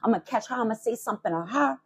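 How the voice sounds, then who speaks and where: A woman's voice: a little high, racing, breathy edge, pitched above the performer's own voice. A woman mimicking a threatening angry neighbor. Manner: repetitive, confrontational.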